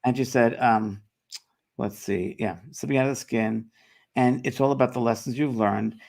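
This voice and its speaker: A man's voice: mid-range voice, vocal fry. A man hosting a casual chat, telling a story animatedly and briefly voicing the people in it. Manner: animated storytelling, quotes others with quick voice shifts. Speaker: host.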